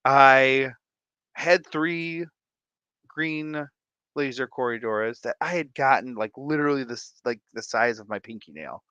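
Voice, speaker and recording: A man hosting a casual livestream from home, reading viewer comments with animated, playful, jokey asides. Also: mid-range voice, measured pace, clear, resonant tone, no room sound, lo-fi sound. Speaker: livestream host.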